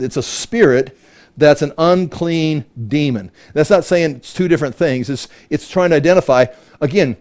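A man leads a Bible study verse by verse in a conversational voice. He keeps posing rhetorical questions to the group, and his voice sits a little high. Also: mellow. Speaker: Bible teacher.

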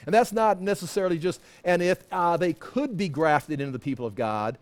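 A man's voice: high-pitched, fairly quick. A man in his sixties teaching a Bible study class in a loose, conversational way, full of asides and self-corrections. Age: 60s.

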